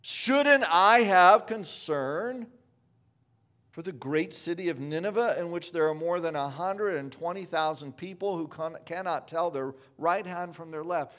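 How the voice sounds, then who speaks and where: A preacher voicing a patient, compassionate god. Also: male voice, high-pitched, expressive, unhurried, a bit bright. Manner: earnest, pleading rhetorical questions. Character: patient, compassionate male deity reasoning gently.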